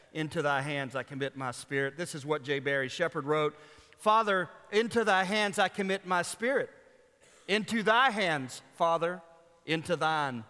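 A man's voice: high voice, pushed and bright. A man preaching a sermon in an earnest, rhythmic way, repeating phrases for emphasis. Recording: long hall reverb.

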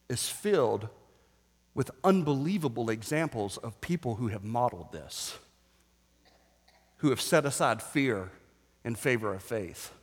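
A man preaching a sermon in a church sanctuary, his fairly high voice carrying a long hall reverb. He climbs to loud, ringing exhortations, then drops to quiet, low-key asides. He reads quoted passages with dramatic weight. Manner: reads quotations aloud with dramatic emphasis. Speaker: pastor.

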